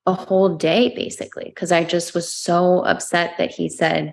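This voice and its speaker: A woman's voice: lowish voice, little pitch movement, moderate pace, creaky. A young woman recounting a fight with her husband in a hesitant way, full of fillers. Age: young adult. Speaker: participant sharing a conflict. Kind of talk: personal account in counselling session.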